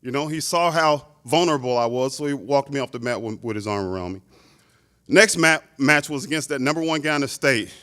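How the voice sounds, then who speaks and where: A man in his fifties, a hall of fame inductee, telling a lively story in a speech, full of asides. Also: mid-range voice, brisk. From Chicago, United States.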